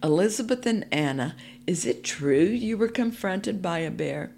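A woman reading a storybook and voicing a stern but caring older nun who speaks in a firm, deliberate way. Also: on the low side, expressive, creaky, darkish tone, a little hiss or hum, pitched above the performer's own voice.

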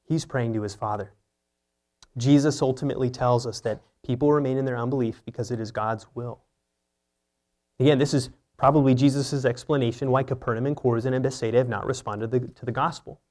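A man's voice: medium pitch, steady tone, brisk, darkish tone. A man preaching an earnest, teaching sermon, often asking rhetorical questions. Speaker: pastor.

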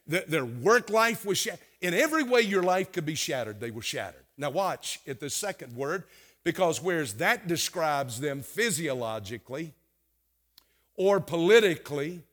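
A middle-aged man preaching a sermon, swinging from hushed, quiet passages to loud, emphatic ones. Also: sits high. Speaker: pastor.

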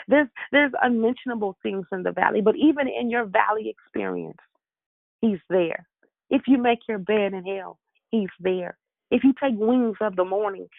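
A woman preacher delivers a devotional message, pressing her points through fervent, rhythmic repetition. Her voice sits a little high. It comes through a thin, tinny phone line with no room sound at all. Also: creaky, no room sound. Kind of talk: devotional sermon.

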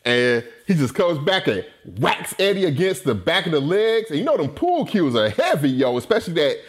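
Animated man chatting about films. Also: on the high side, normal speed. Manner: animated, laughing, says "you know what I'm saying". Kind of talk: casual film discussion.

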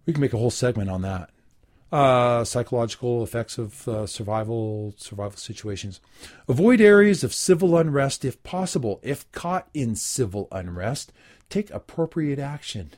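Guy reading an article out loud and chiming in with dry little comments, lots of uhs and ums, middle-pitched ordinary voice. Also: lively intonation. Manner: reads aloud and adds wry asides; plain, unhurried, frequent filler ums and uhs. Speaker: host.

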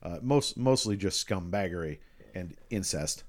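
A man's voice: deep voice, unhurried. A man co-hosting a podcast in casual chat, reviewing a movie with frequent laughter and swearing. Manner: laughing, profane, animated storytelling. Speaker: podcast co-host.

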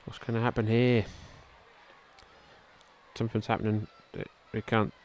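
A man with a lowish voice talks through old wrestling footage in a relaxed, off-the-cuff way. He breaks into excited exclamations as the action swings, then muses aloud about what he can't quite see. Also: moderate pace, slight background noise. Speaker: podcast host. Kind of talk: casual play-by-play over old wrestling footage.

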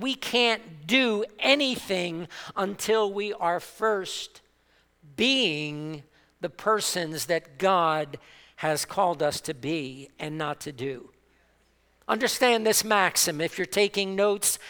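A man preaching a sermon as pastor, slow and emphatic, with dramatic pauses and repeated stresses. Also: sits high, sharp tone. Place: church sanctuary. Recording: long hall reverb.

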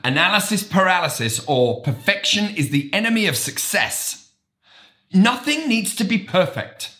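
Lively, bright-voiced motivational man. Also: sits high, normal speed. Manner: emphatic, animated storyteller. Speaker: real estate broker. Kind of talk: motivational talk.

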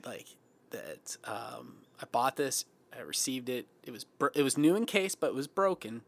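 A man co-hosting a podcast, telling a story about himself in casual chat with lively, self-mocking energy. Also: medium pitch, normal speed, gravelly. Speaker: podcast co-host.

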